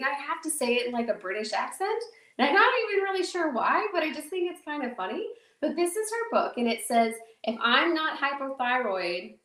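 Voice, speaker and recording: A woman's voice: fairly high pitch, a bit bright, distant mic. Chatty rambling woman podcast host, echoey. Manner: rambling, chatty, self-mocking, many fillers. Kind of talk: casual solo podcast talk. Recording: echoey room, voice a bit off-mic.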